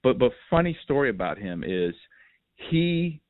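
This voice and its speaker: A man hosting a podcast, telling stories in a lively, animated, casual way. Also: mid-range voice, moderate pace, no room sound. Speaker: podcast host. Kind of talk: casual storytelling chat. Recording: tinny phone line, dry.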